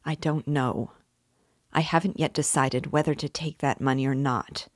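A woman reading aloud the lines of an anguished young man confessing a crime, slow and earnest, rising to despairing cries. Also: very deep voice, steady tone, no echo, studio quality. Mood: brooding. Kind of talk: audiobook reading.

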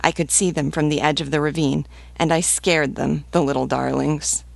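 A blunt, fiercely protective army sergeant, read by a woman in an audiobook reading. The voice is gravelly with a dry, close sound. The delivery is earnest and pleading. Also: deep voice, steady tone, moderate pace, no room sound, full character voice.

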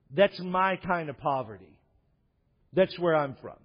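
A man's voice: fairly high pitch, lively intonation, measured pace, husky. A man preaching a sermon as a pastor, telling stories in a conversational way with wry asides. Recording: dull echoey hall recording.

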